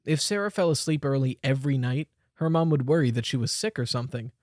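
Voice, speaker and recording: A man's voice: mid-range voice, lively intonation, fast talker, darkish tone, dry recording, studio quality. Young man narrating an audiobook. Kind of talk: scripted narration.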